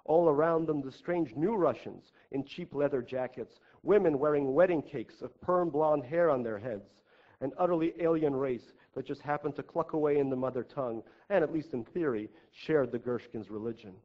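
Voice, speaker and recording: A man's voice: on the high side, normal speed. Man giving a wry literary reading. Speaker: author reading his fiction. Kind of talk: live reading of literary prose. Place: writers' festival stage. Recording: dull lo-fi live recording.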